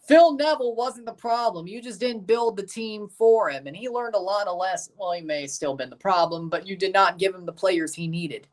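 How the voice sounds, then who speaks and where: A man's voice: sits high, fairly quick, few pauses. A man hosting a live reaction stream of a match, chatting casually with his viewers. He reads their comments aloud and answers them in an easy, conversational tone.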